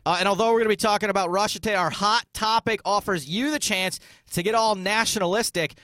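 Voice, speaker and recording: A man's voice: high voice, sharp tone, dry recording. A male radio host bantering in a casual, upbeat, joking way. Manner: upbeat, joking, quick-talking.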